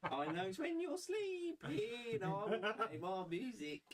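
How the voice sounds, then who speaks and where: A man voicing a mischievous small child who taunts the players in a high sing-song voice. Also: huge pitch swings, slow, recorded from a distance, crowd noise, heavily acted. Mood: taunting.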